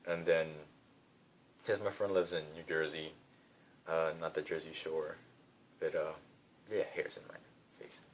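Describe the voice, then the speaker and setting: A man's voice: rumbling low, steady tone, unhurried, slight background noise. A young man vlogging into his phone, telling a rambling, filler-heavy story in a casual chat.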